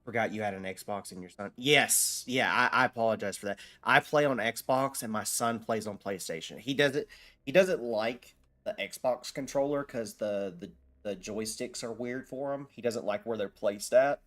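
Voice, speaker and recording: A man with a fairly low voice chats casually while streaming a game. He rambles, restarts sentences and fills pauses with "um" as he answers his viewers. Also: fairly bright tone. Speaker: gaming streamer. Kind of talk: casual live-stream chat while gaming.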